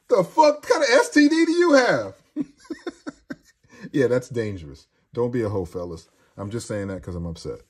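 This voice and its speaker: A deep-voiced man hosting a loose, casual chat and reading out comments from his viewers. His talk is crude and joking, and it rambles from one thing to the next. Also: dark tone, husky.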